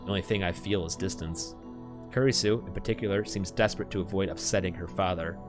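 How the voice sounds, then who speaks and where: A low-voiced man streamer reads a visual novel aloud, narrating in an earnest, anxious manner. Faint music plays underneath. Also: fast.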